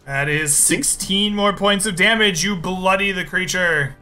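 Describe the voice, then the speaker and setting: A man's voice: high voice, measured pace, bright, forceful tone, faint music behind. A man running a tabletop game as game master, narrating the action and giving rulings.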